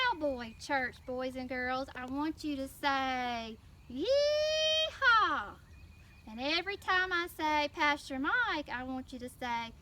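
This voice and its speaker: A woman with a Southern US accent telling a children's story in church, animated and prompting the kids to answer. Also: high-pitched. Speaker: children's mission teacher. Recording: distant mic with faint noise.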